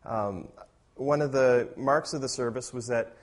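A male pastor delivering a sermon in an easy, conversational tone. His voice sits at an ordinary middle pitch, and he swells into loud, emphatic passages whenever he reads scripture. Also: measured pace.

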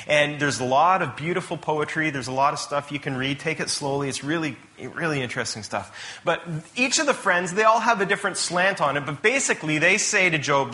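A man's voice: fairly high pitch, lively intonation, brisk, pushed and bright. A man preaching a casual, conversational sermon, mixing in chatty asides.

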